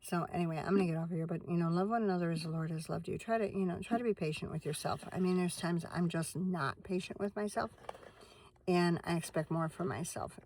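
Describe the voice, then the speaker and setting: A woman who is both a vlogger and a minister chats casually on camera inside her van at night, rambling along and occasionally speaking to her dog. Her voice sits fairly low with a darkish tone, and there's a little hiss or hum in the audio.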